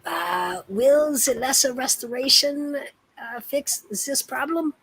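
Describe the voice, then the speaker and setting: Husky slow-talking woman player. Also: high voice, animated, a bit bright, dry recording, low-quality recording. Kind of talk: casual tabletop role-play.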